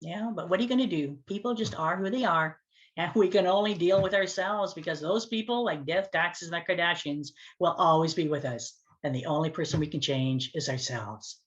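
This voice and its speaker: A woman speaks to her audience in an animated storytelling way. Her voice leaps up and drops low as the story goes on. The recording is a little dull and lo-fi. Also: a little fast. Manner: animated storytelling with big pitch swings. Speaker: speaker and communication coach. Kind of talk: storytelling talk to camera.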